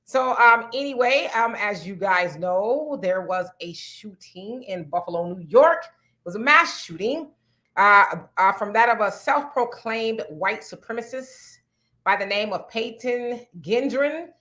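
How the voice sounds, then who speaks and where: A woman's voice: fairly high pitch, expressive, measured pace, pushed and bright. A middle-aged woman hosting a casual live-streamed talk show, chatting conversationally and reading viewer comments aloud. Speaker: host.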